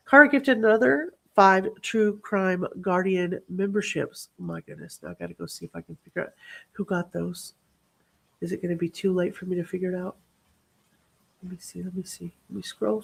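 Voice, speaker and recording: A woman's voice: fairly low pitch, vocal fry. Bubbly woman hosting a livestream. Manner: bubbly, reads out viewer names and thanks them; chatty asides while scrolling through comments. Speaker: livestream host. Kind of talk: casual livestream chat.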